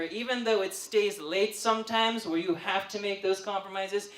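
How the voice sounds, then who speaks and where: A young man doing stand-up comedy at an open mic, telling a chatty, animated story and often laughing through his lines. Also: sits high, normal speed, roomy sound. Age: young adult. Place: open mic night venue.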